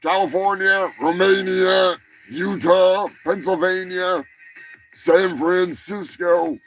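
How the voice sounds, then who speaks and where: A man's voice: sits high, expressive, measured pace, vocal fry, fairly bright tone, faint music behind. A man hosting a comedy news show, rambling through crude jokes and profane asides. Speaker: host. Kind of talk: casual comedy chat.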